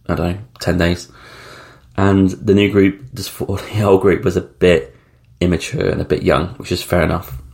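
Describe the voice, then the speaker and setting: A man's voice: low-pitched, creaky. A man in his thirties hosting a solo podcast, telling travel stories in a rambling, chatty way with blunt slang and frequent ums. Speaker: podcast host. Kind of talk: casual solo travel storytelling.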